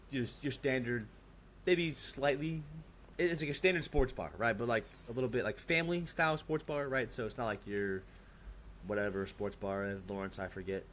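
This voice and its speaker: A man's voice: medium pitch, fairly bright tone, a little hiss or hum. A man co-hosting a podcast, telling a story in a loose, profane way with lots of fillers. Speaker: podcast co-host. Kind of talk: casual chat.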